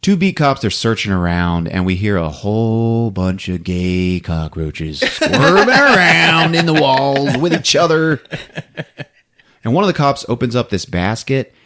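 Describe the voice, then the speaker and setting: A man's voice: medium pitch, very animated, unhurried, fairly bright tone. A man hosting a podcast, recapping a movie comically, laughing often and acting out sound effects. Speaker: podcast host.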